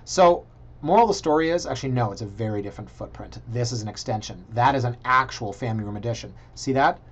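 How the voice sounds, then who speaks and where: A realtor talks quickly in a mid-range voice, recorded with lo-fi sound on a computer mic. In this casual screen-share vlog, he browses property listings, thinking aloud and tossing in joking asides.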